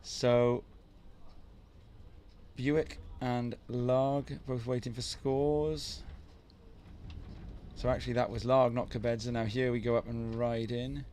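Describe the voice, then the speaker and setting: A man's voice: medium pitch, flat delivery, slow, pauses often, a little mellow, slight background noise. Chatty man commentating a surf contest. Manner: chatty, teasing, self-deprecating. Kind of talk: live sports commentary with banter.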